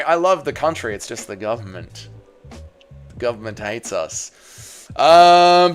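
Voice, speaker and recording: A young Australian streamer chats casually with his livestream audience, reading their messages aloud, swearing freely, and yelling at a fight as it happens. His voice is fairly high.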